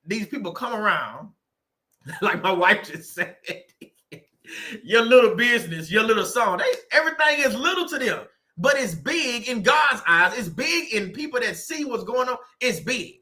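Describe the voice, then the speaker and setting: A man's voice: extremely high pitch, lively intonation, a little slow, pushed and bright. A man from Louisiana, hosting a casual motivational talk, joking and laughing often as he makes his points. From Southern Louisiana. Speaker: channel host. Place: room at home.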